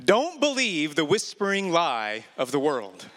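A man preaches a sermon, weaving a family story into emphatic appeals to his listeners. His voice is bright and forceful and sits a little higher than most men's. A long hall reverb trails behind every phrase. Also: huge pitch swings, a little slow. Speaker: pastor.

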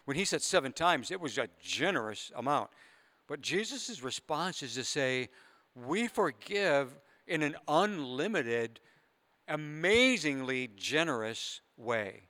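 A man's voice: fairly high pitch, sing-song, takes it slowly, sharp tone. A man preaching a sermon as a pastor, retelling a parable earnestly with conversational asides to his listeners.

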